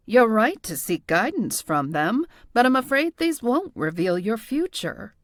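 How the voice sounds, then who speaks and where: A woman voicing a poised, patient middle-aged tarot reader who speaks in a calm, knowing, lightly teasing way for an audiobook. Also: fairly high pitch, unhurried, no echo, clean studio sound. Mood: instructive. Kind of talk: audiobook character voice.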